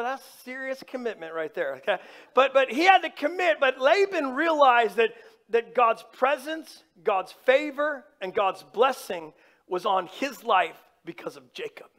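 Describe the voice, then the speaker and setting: High-voiced man preaching a casual sermon. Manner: animated and informal, with asides to the congregation. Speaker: pastor. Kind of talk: conversational sermon.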